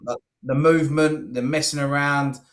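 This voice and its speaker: Relaxed, sweary man co-hosting football chat. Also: on the high side, normal speed. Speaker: co-host.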